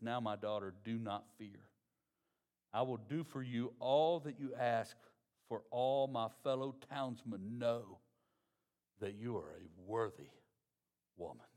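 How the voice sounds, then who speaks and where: A pastor, preaching a sermon in a conversational, folksy way. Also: male voice, medium pitch, a little mellow.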